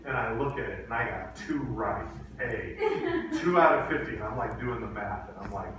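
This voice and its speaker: A man teaching a class, telling a story and acting out the quotes in lively voices. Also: fairly low pitch, moderate pace. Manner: animated, acts out quotes in voices. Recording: echoey classroom from far off.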